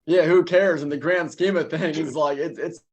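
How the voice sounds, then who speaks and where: A man hosting an interview in a relaxed, affirming way, with frequent "um" and "like". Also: on the high side, normal speed, highs cut off. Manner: easygoing, affirming, with filler "um" and "like". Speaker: podcast host. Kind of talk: casual interview.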